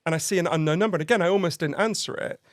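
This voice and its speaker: A man telling a long funny story as a podcast guest, excitable and laughing as he goes. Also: fairly high pitch, rapid-fire, no room sound, studio quality. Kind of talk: animated anecdote telling.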